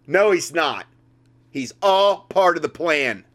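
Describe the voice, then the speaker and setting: Male vlogger reacting to a clip, high voice, indignant and rambling, talks straight to viewers. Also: expressive, slow pace, fairly bright tone. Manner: indignant, repetitive, addresses viewers as guys. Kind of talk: casual video commentary.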